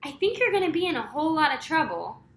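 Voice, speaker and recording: A woman voicing a male truck driver who stays calm and keeps bursting into laughter. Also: high voice, fast talker, echoey room, voice pushed up, full character voice. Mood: warning. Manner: loud, laughing through his lines.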